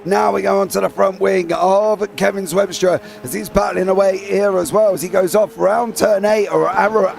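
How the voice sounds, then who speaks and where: Gravelly high-voiced racing co-commentator. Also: male voice. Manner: casual, rambling analysis. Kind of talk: sim racing color commentary.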